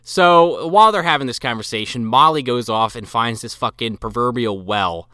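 A man's voice: medium pitch, normal speed, sharp tone, clean tone, no echo, clean studio sound. A man co-hosting a casual movie recap podcast, retelling scenes with profanity and frequent laughter. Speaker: podcast co-host.

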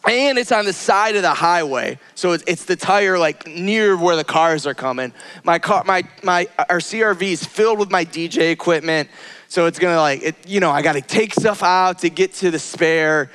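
Man, pastor, storytelling sermon, high voice, smooth clear tone, earnest and conversational. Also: moderate pace, fairly bright tone. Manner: acts out his own cries and quoted lines with rising pitch.

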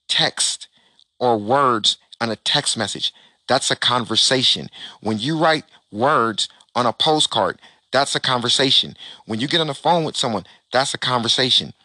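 Emphatic man giving a lively stage talk. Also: medium pitch, no room sound. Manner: emphatic and animated, with repeated phrases and acted-out dialogue. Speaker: real estate investor speaking on a panel. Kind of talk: motivational stage talk to an audience.

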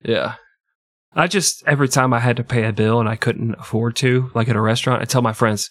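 A man's voice: medium pitch, fairly even intonation, a little fast, no echo. Man in his thirties, comedic history podcast host, irreverent and swearing, dry close mic. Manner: irreverent, profane, laughs often.

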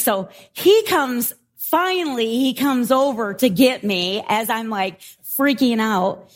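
A middle-aged woman preaching a sermon and telling a story in an animated, laughing way. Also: a little high, a little slow. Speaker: pastor.

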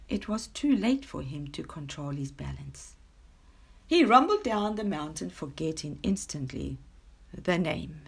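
Slow, lively storyteller woman. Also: fairly low pitch, breathy edge. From South Africa. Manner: expressive, dramatic read-aloud. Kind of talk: children's story narration.

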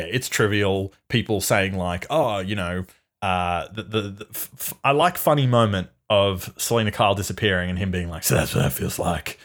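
A man co-hosting a casual film review podcast, animated, swearing and laughing as he mimics lines. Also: lowish voice. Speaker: podcast co-host.

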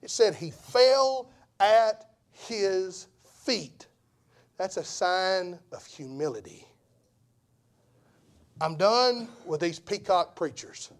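Impassioned preacher, high and swooping. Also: male voice, animated, very slow, pauses often. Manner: impassioned, swings from hushed to shouting; repeats phrases for emphasis. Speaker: evangelist preacher. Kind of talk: sermon.

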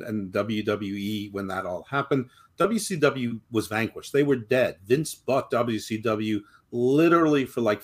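A man co-hosting a podcast in a casual debate, explaining his points emphatically and at length. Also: medium pitch. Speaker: podcast co-host.

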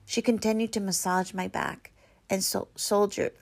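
A woman reading a novel aloud, expressive, with small slips and restarts. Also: medium pitch, moderate pace. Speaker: reader.

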